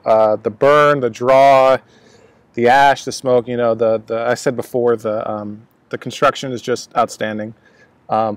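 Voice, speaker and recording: Man, mid-pitched voice, rambling casual cigar review, lots of ums and restarts. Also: dry recording. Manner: rambling, many fillers and restarts. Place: outdoors at a laptop, breezy day.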